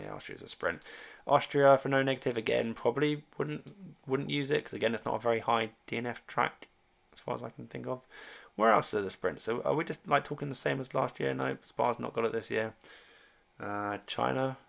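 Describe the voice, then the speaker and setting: A gravelly, medium-pitched male voice belongs to a streamer who hosts fantasy sports. On his livestream he reads comments from viewers and muses aloud in a relaxed way, often restarting and using many fillers.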